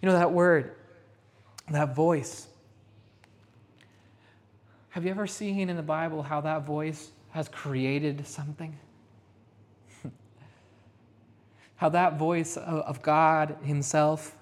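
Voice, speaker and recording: A woman pastor delivering a Sunday sermon in a rehearsal hall, repeating phrases and slowing down to stress key lines. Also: low voice, fairly even intonation. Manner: emphatic repetition, slowing for stress.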